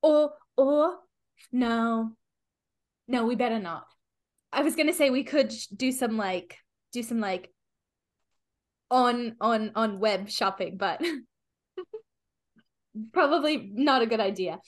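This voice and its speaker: A woman's voice: fairly high pitch, slow, pauses often. A woman voicing a chatty, upbeat young adventurer in a tabletop game, gushing and friendly. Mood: bubbly.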